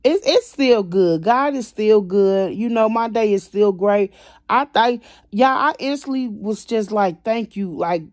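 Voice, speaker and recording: A woman vlogger venting to her viewers, emotional and swinging between quiet and loud, constantly addressing them directly. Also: a little high, no room sound, studio quality. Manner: emotional, repeats "y'all" constantly. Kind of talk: venting to camera.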